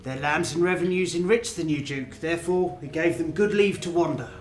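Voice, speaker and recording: Guy doing an earnest wrestler, bit high voice, echoey room, faint guitar behind. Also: fairly quick, lightly acted. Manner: earnest, storytelling. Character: loyal wrestler bringing court news. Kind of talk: amateur stage acting.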